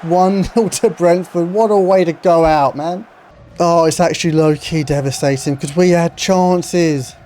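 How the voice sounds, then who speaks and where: An excitable young man calls a football game as he plays, his voice sitting a touch high. The tone is mellow and soft, with a faint hum of noise behind him. He jumps from loud cheers to quiet mumbling. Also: unhurried. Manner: excitable, swings from shouting to muttering. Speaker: gaming YouTuber. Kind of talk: excited live game commentary.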